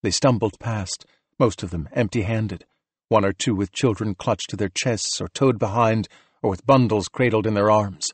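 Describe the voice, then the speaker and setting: A man narrating an audiobook in a steady, measured reading voice. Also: on the low side, husky, dry recording. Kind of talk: scripted narration.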